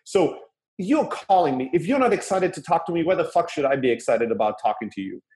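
Animated man talking sales, echoey room. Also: a little high, a little fast. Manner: animated and emphatic, with frequent "right?" asides and occasional swearing. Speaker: sales coach. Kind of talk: casual talk on phone sales.

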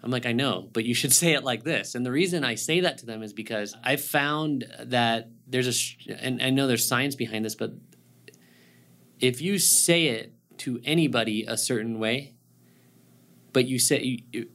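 A man's voice: mid-range voice, normal speed, fairly bright tone. A man in a casual podcast conversation, agreeable and telling anecdotes from his work. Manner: agreeable, tells anecdotes with acted quotes.

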